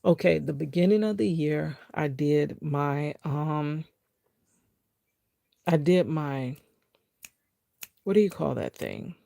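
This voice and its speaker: A woman vlogger telling a personal health testimony in an animated way, acting out what people said and talking straight to her viewers. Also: low voice, takes it slowly, gravelly, pauses often, dry recording, studio quality. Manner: animated, acts out quotes, talks straight to viewers.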